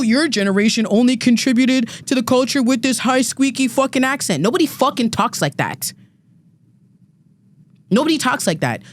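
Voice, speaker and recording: Woman, 30s, podcast panelist, heated rant, profane, emphatic, repeats words. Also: mid-range voice. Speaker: guest panelist.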